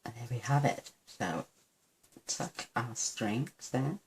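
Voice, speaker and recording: A woman's voice: a bass voice, slow, noisy background. A woman hosting a casual craft tutorial at her desk. She chats as she works, gushes over how cute each step looks and pokes fun at herself. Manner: chatty, gushing over cute results, self-deprecating. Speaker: papercraft tutorial host.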